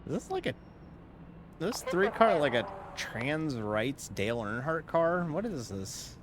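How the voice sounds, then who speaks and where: A man's voice: fairly high pitch, very animated, unhurried, crowd noise. A man casually commenting while streaming a sim race, rambling and joking and laughing often.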